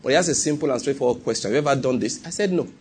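A man preaches at a racing pace in a slightly rough, mid-range voice with a Nigerian accent, telling a personal story as part of his sermon. His style is conversational, and he repeatedly checks whether the congregation follows him.

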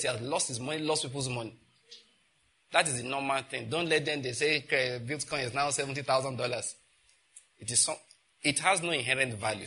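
A middle-aged Nigerian man preaching a sermon, telling stories and acting out conversations in an animated way. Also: husky. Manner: animated storytelling, acts out exchanges with rising pitch and laughter. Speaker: pastor.

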